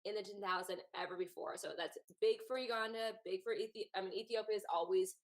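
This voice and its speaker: A woman's voice: mid-range voice, steady tone, quick pace, low-quality recording. Rambling conversational woman co-host. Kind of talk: casual chat.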